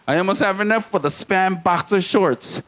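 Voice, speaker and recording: A man's voice: high-pitched, moderate pace, fairly bright tone. A man from Hawaii doing a live stand-up routine in a small comedy venue, with crude jokes and playful banter with the crowd.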